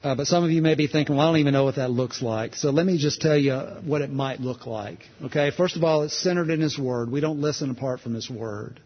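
A man's voice: a little high, fairly quick, hardly any pauses, slightly rough, in a large hall, muffled recording. A man preaching a sermon in a conversational, storytelling way, restarting phrases as he goes.

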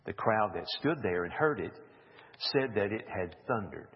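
A man's voice: lowish voice, expressive, slightly rough. A man leading an informal Bible study, musing aloud and reading passages with off-the-cuff asides. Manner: slow, musing, reads scripture aloud with asides. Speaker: Bible teacher. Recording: dull lo-fi recording with long hall reverb.

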